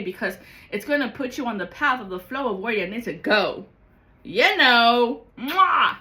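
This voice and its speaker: Bright, forceful woman rambling excitedly. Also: a little high, normal speed, rough recording. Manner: rambling, excitable, swears freely. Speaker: spiritual guide and card reader. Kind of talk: casual spiritual vlog monologue.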